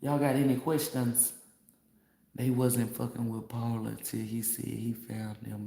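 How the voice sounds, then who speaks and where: A man's voice: mid-range voice, level tone, unhurried, creaky, dark tone. A man who reads tarot, ranting in a casual livestream in a brash, profane way and laughing often. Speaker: tarot reader. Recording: roomy echo.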